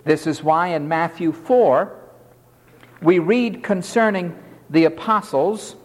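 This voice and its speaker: A man's voice: on the high side, takes it slowly. A man preaching a sermon in an emphatic, dramatic way. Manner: emphatic, dramatic, mimics pleading tones. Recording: long hall reverb.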